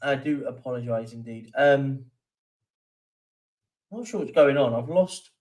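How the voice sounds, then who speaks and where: A man's voice: mid-range voice, a little slow, darkish tone, distant mic. A man hosting a casual live stream, rambling through football stats and viewer comments with lots of fillers. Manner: rambling, chatty, reads out stats with many fillers. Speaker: livestream host.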